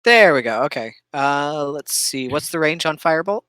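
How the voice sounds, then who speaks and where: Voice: mid-range voice, lively intonation, moderate pace, a bit bright, smooth, no room sound. A game master running a tabletop game, patiently checking rules aloud between bits of narration.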